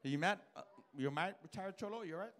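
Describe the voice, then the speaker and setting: A male stand-up comedian doing a live club set, profane and animated, acting out characters and bursting into loud shouts. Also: high voice, fast talker. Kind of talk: live stand-up with crowd work.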